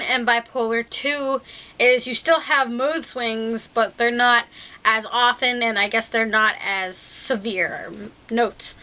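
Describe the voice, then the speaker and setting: A woman's voice: a little high, sharp tone. A young woman vlogger talking casually, rambling with lots of fillers and little laughs at herself. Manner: rambling and self-deprecating, filler-heavy, giggly. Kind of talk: casual personal vlog talk.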